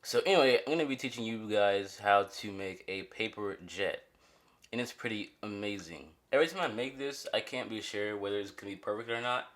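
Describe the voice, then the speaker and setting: A man's voice: fairly low pitch, animated, a little fast, a bit bright. A young man hosting a jokey, rambling origami tutorial from his bedroom, with mock-dramatic asides. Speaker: channel host. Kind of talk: goofy origami tutorial vlog. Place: bedroom, at a bare mattress.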